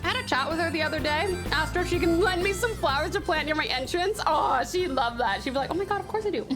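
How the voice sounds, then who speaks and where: Bubbly high-voiced Australian woman streamer. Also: fairly quick. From Tasmania, Australia. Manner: bubbly, giggly, greets chat with pet names. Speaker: VTuber streamer. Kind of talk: casual live-stream chat while gaming. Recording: game music playing under the voice.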